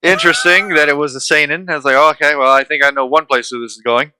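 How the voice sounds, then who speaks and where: A man's voice: a little high, steady tone, quick pace, pushed and bright, clear, resonant tone, no echo. A young man chatting casually on a podcast, wry and matter-of-fact. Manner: wry, explains things matter-of-factly. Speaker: vtuber guest.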